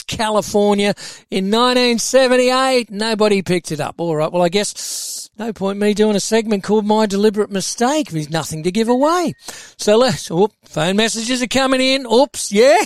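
Male radio presenter, high, bright voice with dry studio sound, playful and chatty. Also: expressive, normal speed, dry recording. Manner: chatty, jokey, laughs often. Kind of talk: casual radio chat.

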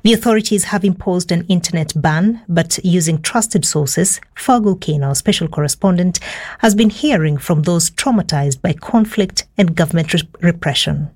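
A woman's voice: on the low side, normal speed, a little mellow. A woman presenting a radio news programme, conversational with small fillers.

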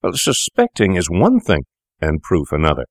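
An anxious young medical student protests nervously in a storybook, as a male reader puts him on. His voice rises a little above the reader's deep tone. The recording is dry. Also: wildly swooping pitch, moderate pace, dry recording, heavily acted. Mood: uneasy. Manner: uneasy and protesting.

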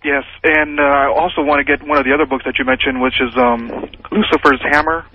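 A man's voice: mid-range voice, steady tone, fast, slight background noise. A man calling into a radio talk show, friendly and a little hesitant. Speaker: caller. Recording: dull phone line on radio.

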